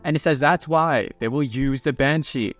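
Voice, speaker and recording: Man, casual story recap, chatty, playful asides, slightly high voice, faint music. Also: normal speed, fairly bright tone.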